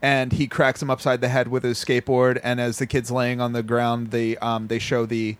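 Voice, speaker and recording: A man's voice: mid-range voice, moderate pace, smooth, dry recording. A man co-hosting a casual podcast, joking and rambling through stories with lots of fillers. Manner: animated, joking, rambling storyteller with frequent fillers. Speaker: podcast co-host. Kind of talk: casual chat.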